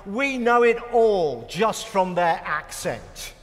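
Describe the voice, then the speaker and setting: Wry British preacher, slow and high. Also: male voice, very animated, fairly bright tone, long reverb tail. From United Kingdom. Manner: wry, self-mocking humor. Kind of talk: sermon.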